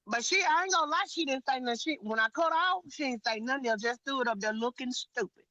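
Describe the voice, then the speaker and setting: Blunt, profane woman with a bright voice. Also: high voice, quick pace, no room sound, dull audio. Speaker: guest on a live panel. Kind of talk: heated storytelling chat.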